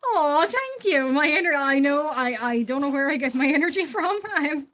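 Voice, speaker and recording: A higher-pitched Irish woman talks casually to her live chat as she draws. Her voice is stuffy from allergies, with the odd cough. She chats in loose bursts full of "uh" and quick hellos to viewers. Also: expressive, fairly bright tone. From Ireland. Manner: chatty, greets viewers, frequent fillers and laughs. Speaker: live-stream artist. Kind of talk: casual live-stream chat while drawing.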